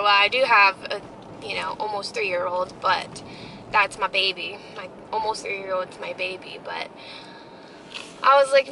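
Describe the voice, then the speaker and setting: A woman's voice: medium pitch, creaky, sharp tone, a little hiss or hum, poor audio. A young woman telling a heartfelt story in a casual family vlog, rambling with many fillers. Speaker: family vlogger.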